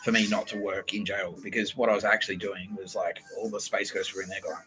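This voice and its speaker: A man's voice: deep voice, level tone, fast, pushed and bright, rough recording. A man hosting a podcast, talking in a rambling, profane solo monologue and often laughing. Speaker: podcast host.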